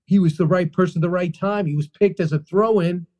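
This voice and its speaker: A man being interviewed about his book, answering in an animated storytelling way, emphatic and full of restarts and repeated phrases. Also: sits high, brisk.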